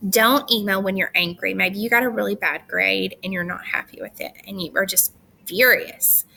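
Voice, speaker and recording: Bright-voiced woman teacher, chatty and firm. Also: mid-range voice, fairly even intonation, normal speed, creaky. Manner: chatty, firm, with teasing asides. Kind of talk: recorded class instructions.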